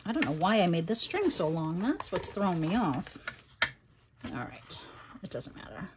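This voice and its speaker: A woman's voice: lowish voice, sing-song, normal speed, background noise. A middle-aged woman hosting a chatty livestream craft tutorial, reading viewer comments aloud between steps. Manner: chatty, warm toward her daughter and viewers, reads chat aloud.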